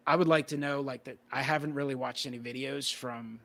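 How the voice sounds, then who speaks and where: A male card-collector guest in a casual conversation, relaxed and rambling with plenty of "you know" fillers. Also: medium pitch, a little fast, creaky.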